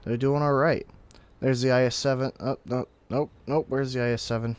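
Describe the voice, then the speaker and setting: A young man giving casual, explanatory commentary over his own gameplay, breaking into sudden excited outbursts now and then. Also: mid-range voice, normal speed, clean tone. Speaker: gaming commentator.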